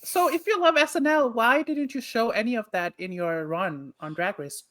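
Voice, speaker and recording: A woman's voice: on the high side, normal speed, a crowd in the background. A woman co-hosting a casual podcast, opinionated and blunt, swearing and laughing often. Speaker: podcast co-host.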